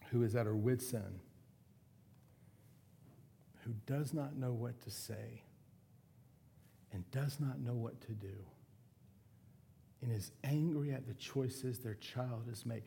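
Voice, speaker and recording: A middle-aged male pastor delivering a sermon in an earnest way. His voice is dark and mellow with a gravelly edge. He often slows down and drops to a soft, quiet tone to let a point sink in. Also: medium pitch, slight background noise. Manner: earnest, slows and softens for emphasis.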